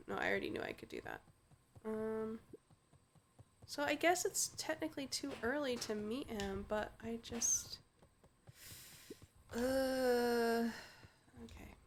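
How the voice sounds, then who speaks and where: A playful woman streamer chats about her game and jokes with her viewers. Her voice sits fairly high and bounces around a lot. She giggles often between her lines. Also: a little hiss or hum. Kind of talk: casual game commentary.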